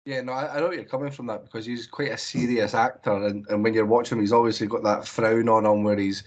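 A Scottish man co-hosting a podcast, talking through a film in a measured, thoughtful way. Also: medium pitch, steady tone, a little mellow, lo-fi sound. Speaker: podcast co-host. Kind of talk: casual film-review chat.

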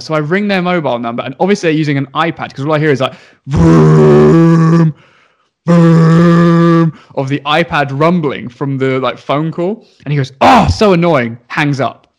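A young man, a teacher, telling a story in casual chat, swearing and acting out the voices of the people in it. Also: on the high side. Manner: animated, swearing, acts out voices. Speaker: primary school teacher.

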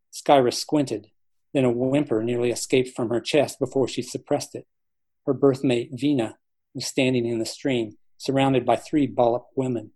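A man, the author, reading his novel aloud in steady, measured storytelling narration. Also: mid-range voice. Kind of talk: audiobook-style narration.

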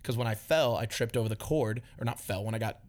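A man's voice: mid-range voice, quick pace, a little mellow. A young man hosting a casual podcast, telling a rambling story full of filler words. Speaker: podcast host. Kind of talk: casual chat.

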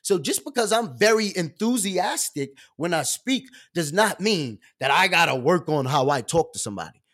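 Man, young adult, livestream host, animated rant, streetwise slang, loud bursts and quiet asides, slightly high voice. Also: normal speed. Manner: emphatic, swings between loud bursts and low asides. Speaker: live stream host. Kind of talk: animated rant on a live stream.

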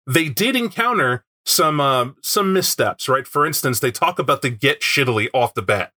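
A man co-hosting a casual chat about a game book, animated and given to acting out quotes in put-on voices. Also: medium pitch, moderate pace. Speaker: podcast co-host discussing a tabletop game book.

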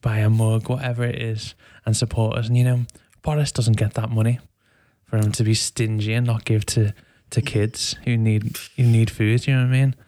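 A man's voice: on the low side, little pitch movement, normal speed, mellow. A man hosting a podcast, chatting casually with enthusiasm and jokes. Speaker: podcast host. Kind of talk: casual chat.

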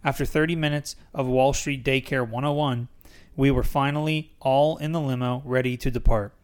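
A young man reads his own memoir aloud on his podcast in a mid-pitched voice. He trips over words now and then and restarts the sentence. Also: fairly even intonation, normal speed, clean tone. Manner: stumbles over words and restarts while reading. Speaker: podcast host reading his own book.

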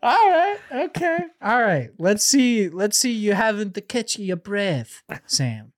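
A man's voice: high-pitched, sing-song, takes it slowly. A man co-hosting a casual podcast, joking loosely and laughing often. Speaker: podcast co-host.

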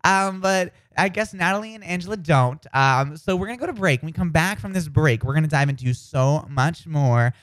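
A man's voice: on the high side, a little fast, hardly any pauses, a bit bright, no echo. A man hosting a radio morning show in casual studio banter, teasing his co-hosts playfully and sometimes breaking into silly sung bits.

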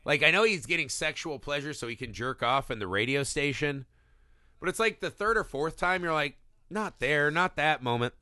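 A man co-hosting a casual podcast, reviewing a horror film with excited, profane enthusiasm and little acted-out bits. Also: fairly high pitch, dry recording, studio quality. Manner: excited, profane, acts out scenes in quick bursts. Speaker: podcast co-host.

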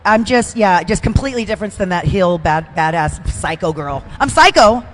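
A woman's voice: lowish voice, lively intonation, moderate pace, slight background noise. An older woman chatting as a podcast guest, emotional and self-deprecating, with frequent restarts. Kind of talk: casual chat.

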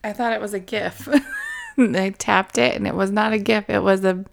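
A woman's voice: mid-range voice, moderate pace, gravelly, a little hiss or hum. A woman co-hosting a casual podcast, giggling, swearing and trailing off mid-thought. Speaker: podcast co-host.

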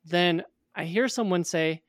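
A young man in his twenties, a guest in an interview, telling a personal story in a casual, animated way. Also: high-pitched, unhurried, no room sound, studio quality.

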